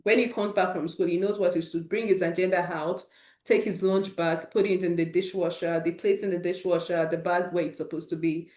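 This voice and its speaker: A woman's voice: fairly low pitch, steady tone, brisk, darkish tone, reverberant. A woman hosting an informal talk for parents, speaking earnestly and encouragingly and weaving in personal stories. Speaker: host of a parent support session.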